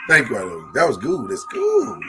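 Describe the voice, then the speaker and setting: Over loud background music and low-quality audio, a podcast co-host with a medium-pitched voice talks at a quick pace. He's animated and playful in the studio, joking in a preacher-style delivery while the chat turns into mock church-service banter.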